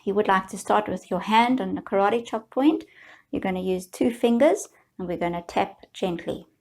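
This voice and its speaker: A woman guiding viewers through a slow, soothing tapping session, leading them in repeated affirmations. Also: medium pitch, expressive, gravelly, darkish tone. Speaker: EFT tapping guide.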